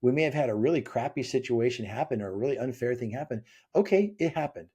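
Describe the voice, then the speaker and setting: Husky, mellow-voiced man acting out voices. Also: medium pitch, fast. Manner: animated, acts out quoted voices. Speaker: author and podcast guest. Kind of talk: conversational interview.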